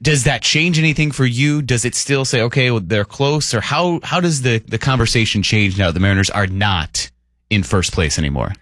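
A man hosting a morning sports radio show, talking quickly and casually and laughing often. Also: medium pitch, a bit bright, dry recording, studio quality.

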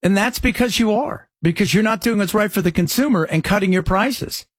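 Sarcastic high-voiced male talk host. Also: brisk, husky, no room sound. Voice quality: mocking, animated delivery. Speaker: radio talk show host. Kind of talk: sarcastic political commentary.

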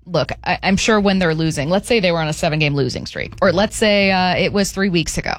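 A woman's voice: on the low side, fast talker, dry recording, clean studio sound. A woman hosting sports radio, chatty and playful with frequent laughs. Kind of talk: casual sports talk banter.

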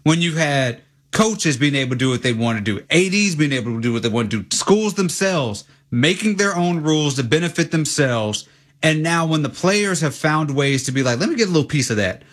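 Guy co-hosting sports radio, kinda high pitched, rambles with lots of uhs and likes. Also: moderate pace. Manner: animated, rambling with fillers and restarts. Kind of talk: casual sports talk.

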